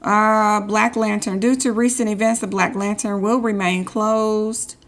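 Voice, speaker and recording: A woman streams a story game, reading the in-game social posts aloud and slipping sarcastic asides in between. Her medium-pitched voice barely moves in pitch and keeps a measured pace.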